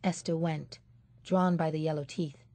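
A woman narrating an audiobook in a measured, steady storytelling manner. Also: low voice, no echo. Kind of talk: scripted narration.

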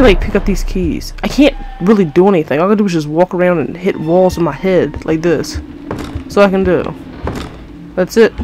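A woman's voice: medium pitch, darkish tone. A young woman playing a horror game, commenting to her viewers, easily frustrated and swearing often, with faint music behind her. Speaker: gamer.

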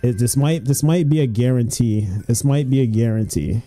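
A young man streaming his gacha pulls, excitable and swearing, pleading and groaning at each result. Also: medium pitch, normal speed, dry recording, faint music behind. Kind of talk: gacha pull reaction stream.

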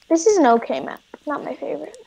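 A woman chatting while gaming, playfully putting on an accent with broken English and drawn-out teasing lines. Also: high-pitched, vocal fry, background noise. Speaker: gamer. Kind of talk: casual gaming chat.

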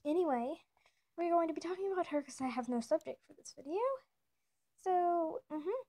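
A woman's voice: sits high, normal speed, mellow. A woman chatting casually on her animation channel, playful and jokey, gushing and silly, often dropping into whispered asides. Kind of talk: casual vlog chat.

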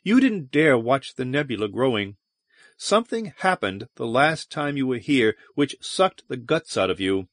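A man reads out a stern starship commander, a woman who talks in clipped, impatient bursts. Her lines rise and fall with lively intonation. The sound is dry and close, like a studio audiobook. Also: mid-range voice, moderate pace, dry recording, lightly acted. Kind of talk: audiobook character reading.

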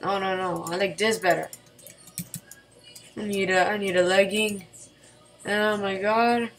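A woman giving casual gameplay commentary at her home computer at night, excitable, yelping and repeating words when she panics. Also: mid-range voice, measured pace, faint music behind.

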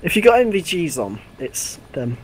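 A man's voice: on the high side, very animated, normal speed, slight background noise, low-quality recording. A young man chatting loosely while gaming, laughing often. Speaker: gamer in voice chat. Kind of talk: casual gaming banter.

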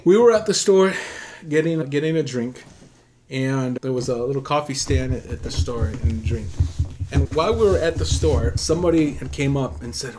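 A man hosting an online show, giving an earnest sermon-style Bible teaching with personal stories, slowing for emphatic readings. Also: mid-range voice, a little mellow, a little hiss or hum. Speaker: host and preacher.

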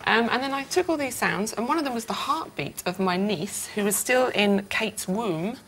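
A woman's voice: mid-range voice, expressive, normal speed, a bit bright, slightly rough. A woman musician chatting enthusiastically as a radio interview guest, rambling a little with fillers. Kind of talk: casual radio interview chat.

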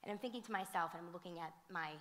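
A woman who teaches and directs theater, speaking on a panel and telling animated stories full of fillers and restarts. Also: lowish voice, rapid-fire. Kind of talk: conversational storytelling at a conference. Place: museum auditorium. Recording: reverberant hall sound.

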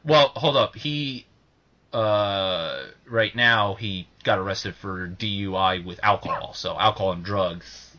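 A young man co-hosting a casual podcast, excitable and swearing freely, who shouts when worked up. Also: lowish voice, slow, lo-fi sound. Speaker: podcast co-host.

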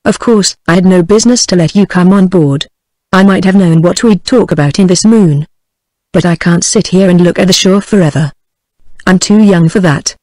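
A woman's voice: fairly low pitch, normal speed, dry recording, natural voice. A British-accented text-to-speech woman's voice reading the lines of a wistful seventeen-year-old girl, with no change of voice. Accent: British English. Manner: flat synthetic delivery, no voice change.

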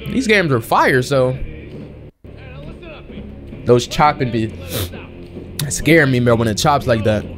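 A man hosting a let's play, excitable and slangy, exclaiming at the game as he plays. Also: medium pitch, slow, long pauses. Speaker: gaming channel host. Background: game music and sound effects.

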